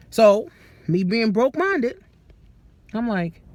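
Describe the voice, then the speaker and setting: Animated, profane woman business coach. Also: mid-range voice, unhurried, long pauses, no room sound. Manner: animated and profane, addresses listeners as guys. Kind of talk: casual motivational talk.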